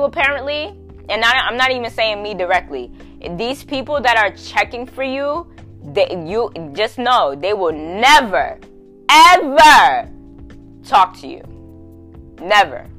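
Animated young woman telling a story. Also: mid-range voice. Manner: animated, profane, slangy, laughs loudly. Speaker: podcast host. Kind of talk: casual storytelling monologue.

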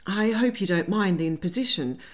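A woman's voice: medium pitch, fairly quick, close to an everyday voice. A woman playing a flustered, tipsy young lady. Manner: flustered, indignant, a little giddy.

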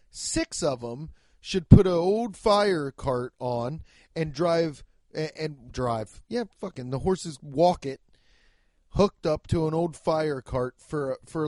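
Profane ranting man, dry and high-ish. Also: darkish tone, no room sound. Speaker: podcast host. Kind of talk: comedic podcast rant.

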